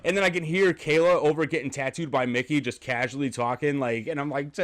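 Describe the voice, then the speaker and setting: A man's voice: a little high, fairly even intonation, fast talker. A man hosting a casual podcast chat, telling stories with lots of laughter and easy swearing. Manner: chatty storyteller, laughs a lot, swears casually. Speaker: podcast host.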